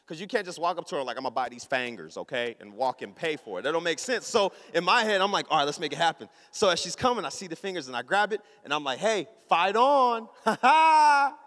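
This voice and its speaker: A man preaching a storytelling sermon, acting out his own thoughts and his wife's replies in a lively, casual way. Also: fairly high pitch, fast talker, few pauses, big-room sound. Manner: animated, acts out his own inner voice and his wife's.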